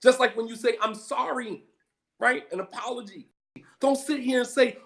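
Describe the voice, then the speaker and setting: Fired-up preacher guy, high voice, keeps repeating himself to hit the point. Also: normal speed, fairly bright tone. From United States. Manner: heated, emphatic, repeats for emphasis. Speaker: Muslim preacher. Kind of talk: impassioned lecture.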